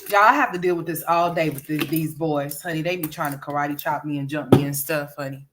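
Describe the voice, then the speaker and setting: A woman's voice: deep voice, fairly even intonation, fairly quick, slight background noise. Sassy mother scolding her kids. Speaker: livestream host. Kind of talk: casual livestream chat.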